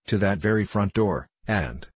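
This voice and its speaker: A man's voice: lowish voice, lively intonation, unhurried, breathy edge. A man voicing a portly, nervous Irish woman cook who rambles and pleads, with an Irish accent, in a storybook reading. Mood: flustered.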